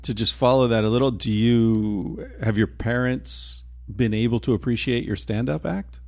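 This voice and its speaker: A man's voice: mid-range voice, moderate pace, creaky, darkish tone. A man interviewing a guest in casual chat, mostly with short reactions.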